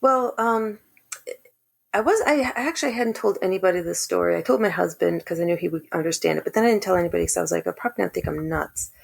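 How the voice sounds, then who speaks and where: A woman's voice: on the low side, quick pace, gravelly, husky. A woman guest earnestly telling a personal family story in casual conversation. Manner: earnest, animated when quoting others. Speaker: podcast guest.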